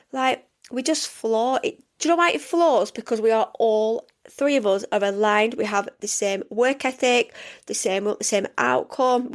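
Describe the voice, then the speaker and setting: A middle-aged woman hosting her own podcast as a coach, chatting in a rambling, enthusiastic way full of fillers and restarts. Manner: enthusiastic, jumps up in pitch when excited. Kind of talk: casual solo podcast chat.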